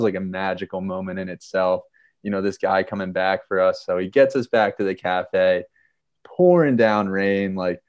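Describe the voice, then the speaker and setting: A man from Pennsylvania telling a hiking story in a casual, animated way, acting out the lines of people in it and using lots of fillers. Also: low voice, no echo, lo-fi sound. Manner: animated, acts out quotes, many fillers.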